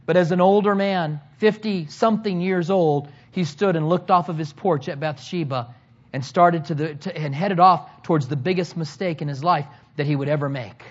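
A man in his forties preaching a sermon as pastor, earnest, rising to loud emphasis and dropping to quiet, emotional lows. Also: moderate pace, highs cut off. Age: 40s.

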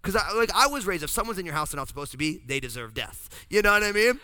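Man, pastor, from New Jersey, animated sermon storytelling, slightly high voice, dry sound. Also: quick pace, clear, resonant tone, no echo.

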